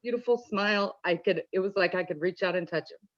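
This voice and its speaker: A woman giving an emotional personal testimony in an earnest, halting way with many restarts, choked up at times. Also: fairly low pitch, muffled recording. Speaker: call-in participant.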